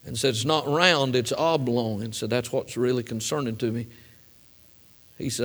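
A man's voice: medium pitch, fairly even intonation, moderate pace, a bit bright. A middle-aged man preaching a sermon, telling a personal story in a folksy way that builds to fervent emphasis.

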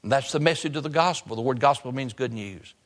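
A male pastor preaching a sermon in a church, repeating phrases and slowing down hard for emphasis. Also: medium pitch. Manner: preaching with repetition and sudden slow emphasis. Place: church sanctuary. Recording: long hall reverb.

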